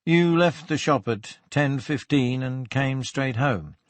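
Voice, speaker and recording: A man voicing a calm middle-aged police inspector who questions a suspect in a level, firm way. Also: medium pitch, takes it slowly, no room sound, close to an everyday voice.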